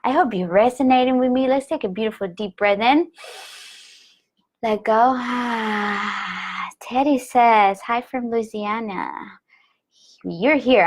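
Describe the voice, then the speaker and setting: A woman giving a spiritual lesson on a live online call, speaking softly and gently and often sinking into a hushed whisper, with slow, repeated phrases. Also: mid-range voice. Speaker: spiritual teacher.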